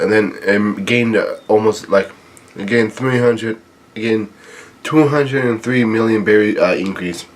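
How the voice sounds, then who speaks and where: A man reading a comic chapter aloud and commenting casually, often stopping to think and correct himself mid-sentence. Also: on the low side. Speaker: manga reader reacting to a new chapter. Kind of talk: casual read-along commentary.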